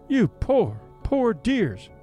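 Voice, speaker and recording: A man's voice: sits high, very animated, moderate pace, a little mellow, muffled recording, faint music behind. A man voicing a fussy, fluttering young woman, with plaintive, gushing exclamations. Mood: pleading. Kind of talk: audiobook character voice.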